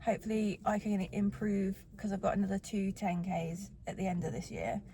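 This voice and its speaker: A woman's voice: medium pitch, fairly even intonation, moderate pace, creaky, dark tone, a little hiss or hum. A young woman chatting casually to her phone camera in a car park after a race, rambling and upbeat. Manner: chatty, rambling, cheerful self-talk. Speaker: vlogger. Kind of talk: casual vlog chat.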